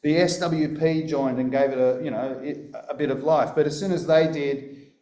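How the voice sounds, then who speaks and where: Mellow-voiced Australian man in a roomy hall. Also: a little high, steady tone, normal speed. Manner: wry, anecdotal, hesitant with many fillers. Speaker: speaker at a political conference. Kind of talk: live conference talk.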